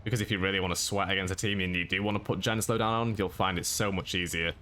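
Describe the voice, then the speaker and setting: A man giving a monotone, matter-of-fact voice-over commentary on his own gameplay. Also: low-pitched, fast, few pauses, a little hiss or hum. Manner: monotone delivery. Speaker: gaming YouTuber.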